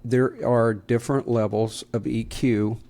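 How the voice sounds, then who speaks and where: A middle-aged man co-hosts a podcast, spinning stories in a casual, sarcastic way. His mid-range voice is gravelly and dark, with a level tone and an unhurried pace.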